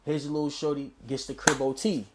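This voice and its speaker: A man's voice: a little high, heavy background noise. A man telling a story in casual street slang, acting out quoted lines as he goes. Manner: animated street slang, quick quoted dialogue. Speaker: interview guest.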